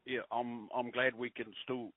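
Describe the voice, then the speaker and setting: A middle-aged man from New Zealand telling rambling family stories in casual chat, with halting restarts. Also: medium pitch, little pitch movement, crowd noise. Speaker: podcast guest. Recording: tinny phone-line audio.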